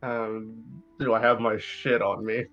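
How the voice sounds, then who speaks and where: Slow-talking man on a dull mic. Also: fairly low pitch, level tone, a bit bright, faint music behind. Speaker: player. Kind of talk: casual tabletop game play.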